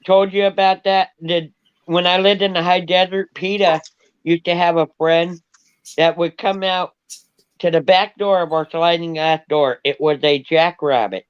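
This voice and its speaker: A man's voice: high-pitched, fairly even intonation, unhurried, smooth. A man telling stories about his pets in a casual live chat. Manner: chatty storyteller. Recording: dull lo-fi audio.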